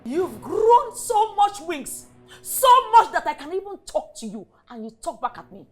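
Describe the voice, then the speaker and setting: A woman's voice: very high voice, big pitch swings, unhurried, a little mellow, faint music behind, heavily acted. A woman with a Nigerian accent playing a domineering stepmother who scolds and gives orders. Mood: scolding. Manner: scolding, commanding. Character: harsh domineering stepmother, middle-aged.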